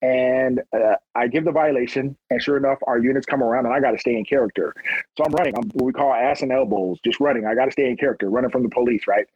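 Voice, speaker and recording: A man's voice: mid-range voice, fast, breathy edge, dry recording, dull audio. A middle-aged man from Long Beach, a police officer telling stories in a casual interview and acting out the people he quotes. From Long Beach, California. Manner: animated storyteller who acts out quotes.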